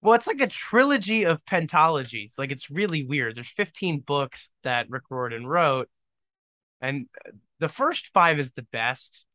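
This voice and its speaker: A young man hosting his own podcast, thinking out loud in a rambling, self-deprecating and joking way. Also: fairly high pitch, big pitch swings, a little slow, no room sound. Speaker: podcast host. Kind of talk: casual solo podcast monologue.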